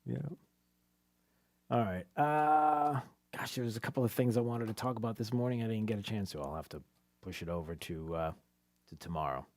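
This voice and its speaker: A man's voice: lowish voice, a little fast, a little mellow. A man hosting a talk radio show, rambling and laughing, often breaking off mid-sentence.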